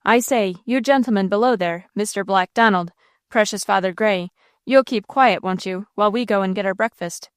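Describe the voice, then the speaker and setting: A woman's voice: mid-range voice, normal speed, clean tone, dry recording, clean studio sound, natural voice. Woman voicing a blustering old uncle. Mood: scornful. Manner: thundering, scolding, blustering. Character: blustering, hot-tempered old man.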